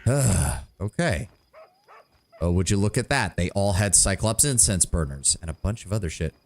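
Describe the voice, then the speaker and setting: A man's voice: low voice, normal speed. A man streaming a video game, chatting casually and swearing often as he plays. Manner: profane, animated, muttering. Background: faint game music.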